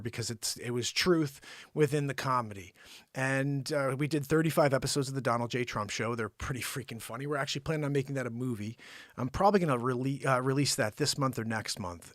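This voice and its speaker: A man hosting a live-streamed comedy show, talking to his viewers in a hyped, animated way. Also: medium pitch, no echo, clean studio sound. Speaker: host.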